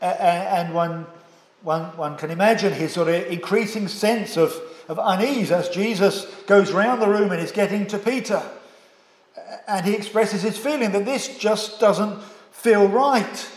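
A man delivers a sermon in a measured, emphatic way, often turning points into rhetorical questions. His voice sits a little high for a man. The sound is roomy, with a long reverb from a large hall. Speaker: preacher. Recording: echoey hall.

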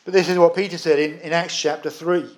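A man preaching a sermon, earnest and emphatic, with measured pauses. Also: a little high, level tone.

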